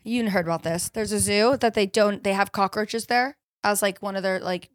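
A woman's voice: medium pitch, moderate pace, no room sound. A woman co-hosting a podcast in casual chat, playful, joking and swearing freely. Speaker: podcast co-host.

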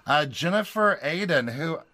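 A man's voice: on the high side, animated, measured pace, pushed and bright, no echo. A man co-hosting a podcast, chatting casually and giving his opinions with frequent restarts. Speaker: podcast co-host. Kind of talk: casual recap chat.

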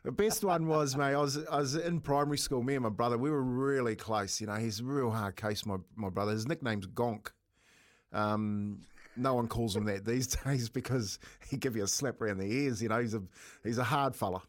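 A man's voice: medium pitch, normal speed. A middle-aged man with a New Zealand accent, co-hosting a radio show and telling stories casually, laughing often. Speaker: radio co-host. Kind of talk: casual storytelling.

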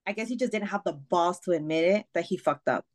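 A woman's voice: on the low side, quick pace, a little mellow. A woman guest on a podcast, telling a personal story candidly, with swearing, fillers and restarts. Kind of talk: casual storytelling.

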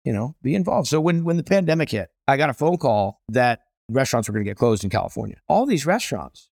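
A man's voice: medium pitch, sing-song, quick pace, creaky, a little mellow, no room sound, clean studio sound. A middle-aged man, a celebrity chef guest, telling stories with energy and emphasis in a casual conversation.

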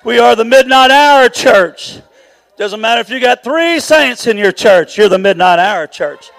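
A man in his sixties preaching a sermon, shouting rhythmic repeated questions with many "uh" fillers, out of breath. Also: very high-pitched, lively intonation, a little slow, gravelly, low-quality recording. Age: 60s.

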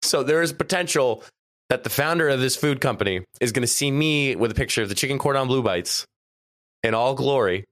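A man's voice: mid-range voice, brisk, a bit bright, dry recording, clean studio sound. A man co-hosting a podcast in casual chat, a little stuffy, chatty and laughing often. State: stuffy nose. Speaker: podcast co-host.

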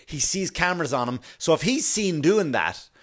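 A man's voice: a little high, big pitch swings, moderate pace. Blunt, profane man ranting on a podcast. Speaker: podcast host. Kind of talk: casual podcast monologue.

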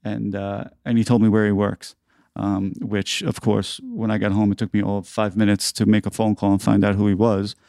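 A middle-aged New man tells a story on his podcast, his low voice gravelly and dark. He talks casually, full of "uh" and "you know", and gets louder when he replays an argument. The sound is smooth and dry, close to the mic. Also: steady tone, moderate pace, no room sound. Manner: conversational, frequent "uh" and "you know", acts out quoted exchanges with rising voice. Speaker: podcast host.

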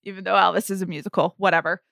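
A woman co-hosting a casual podcast chat, talking quickly with playful asides. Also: fairly low pitch, steady tone, vocal fry, a bit bright, no echo, studio quality. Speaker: podcast co-host.

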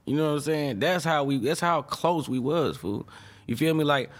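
A man's voice: a little high, lively intonation, normal speed. A young adult man, a music producer, talking casually and emotionally in an interview, full of slang fillers and restarts. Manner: rambling, emotional, peppers speech with slang fillers.

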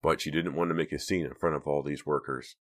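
A man reading an audiobook aloud as narrator, steady and measured. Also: very deep voice. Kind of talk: scripted narration.

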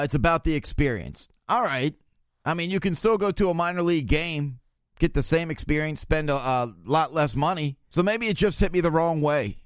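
A man's voice: on the high side, clean tone, dry recording, studio quality. Sarcastic grumbling male podcast host. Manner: sarcastic, grumbling, laughs often. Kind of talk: casual solo podcast rant.

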